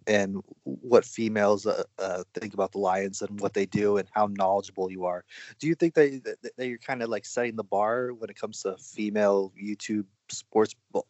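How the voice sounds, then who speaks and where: A man's voice: fairly low pitch, a little mellow, no room sound, lo-fi sound. A man hosting a sports podcast, chatting casually and stumbling over words as he starts sentences. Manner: halting, repeats words when starting a sentence. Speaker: podcast host.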